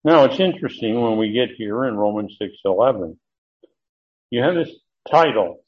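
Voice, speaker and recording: A man teaching a Bible study, deliberate and emphatic, pausing often with fillers. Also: mid-range voice, lively intonation. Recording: muffled lo-fi recording.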